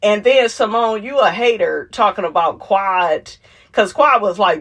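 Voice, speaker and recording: A young adult woman with a mid-range voice and a slightly slow pace casually recaps a reality TV show. She is animated and sassy, laughs often, and quotes cast members by imitating their voices.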